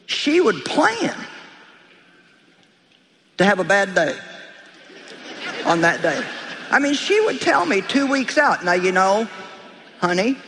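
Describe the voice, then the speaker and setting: A woman's voice: a little high, very animated, takes it slowly, pauses often, background noise. A woman preacher delivering an emphatic, exhorting sermon, speaking straight to her congregation. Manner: emphatic, exhorting, direct address. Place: large hall with live congregation. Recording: live hall reverb with crowd.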